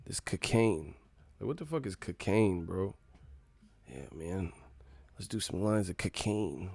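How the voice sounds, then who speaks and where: A man's voice: deep voice, expressive, moderate pace, creaky, darkish tone, dry recording. A young man hosting a live stream, casually swearing and mocking his chat in slangy talk.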